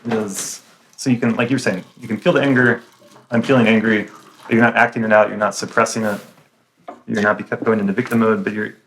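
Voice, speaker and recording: A man's voice: lowish voice, fairly even intonation, brisk, a bit bright, a little hiss or hum. A man hosting a podcast, affirming and summing up his guest's points. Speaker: podcast host. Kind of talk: interviewer's backchannel and reflections.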